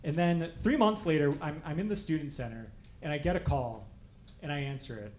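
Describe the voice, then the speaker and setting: A young man doing stand-up, telling a story in a dry, wry, deadpan way to a live audience. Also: a little high, a little fast. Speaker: stand-up comedian. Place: comedy club stage before a laughing audience. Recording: roomy live club sound, faint crowd noise.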